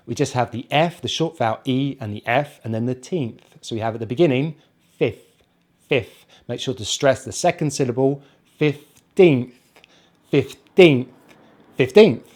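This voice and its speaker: A man with a British accent teaching English pronunciation, saying each word slowly and repeating it for the listener. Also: medium pitch, darkish tone. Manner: slow, careful, repeats words for drilling; counts on his hands as he talks. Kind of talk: pronunciation lesson.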